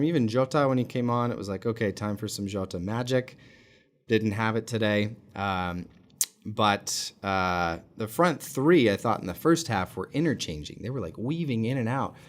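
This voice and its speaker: A man hosting a fan channel, giving a casual, excitable match reaction with many fillers. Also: medium pitch.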